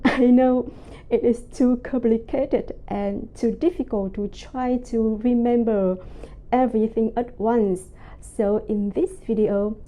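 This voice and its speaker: A woman teaching a pronunciation lesson, speaking slowly and carefully and drawing out her example syllables. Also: mid-range voice, mellow. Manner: slow, careful enunciation with drawn-out example syllables. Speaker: language teacher. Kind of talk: slow, deliberate pronunciation lesson.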